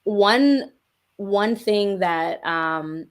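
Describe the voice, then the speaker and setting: Animated woman telling a story. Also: mid-range voice, extremely slow. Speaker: guest, music artist. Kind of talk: casual interview talk.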